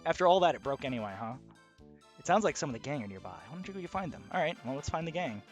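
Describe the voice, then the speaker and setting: A man giving casual, excitable video game commentary, swearing freely. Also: a little high, quick pace, faint music behind. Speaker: let's play host.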